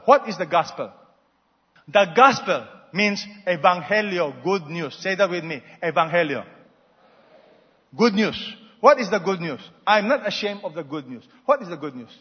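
A man preaching a sermon, swinging between loud exhortations and soft asides and having the congregation repeat after him. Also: sits high, slightly rough. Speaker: pastor. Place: large church hall. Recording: muffled sound with long hall reverb.

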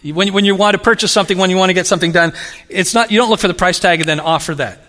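A man preaching a sermon, telling stories in an animated, humorous way. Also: high voice, racing. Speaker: pastor. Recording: long reverb of a large hall.

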